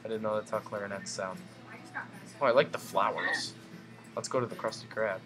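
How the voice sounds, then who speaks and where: A young man doing goofy gameplay commentary, muttering asides and then breaking into high excited yells. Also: moderate pace, music in the background.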